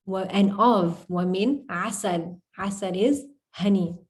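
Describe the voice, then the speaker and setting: Over a video call, a woman Arabic tutor teaches her online class a poem, going through it word by word in a chatty way. She speaks slowly in a mid-range, slightly mellow voice.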